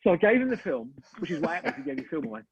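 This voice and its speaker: A middle-aged man, a photographer, telling a story in an animated way and acting out both sides of the conversation. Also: on the high side, very fast, husky. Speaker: photographer, interview guest. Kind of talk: casual anecdote in an interview. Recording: dry, tinny phone-like call audio.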